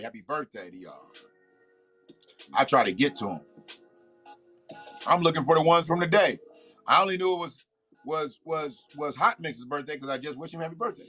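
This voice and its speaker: Livestream host, male, bright forceful tone, slightly raised pitch, faint music underneath. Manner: loose, profane, talks back to viewers. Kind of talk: casual livestream chat.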